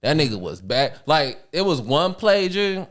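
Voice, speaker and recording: A man's voice: a little high, a little slow. A man co-hosting a podcast, telling stories in slangy casual chat with lots of laughter. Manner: slangy, laughing, animated storytelling. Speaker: podcast co-host.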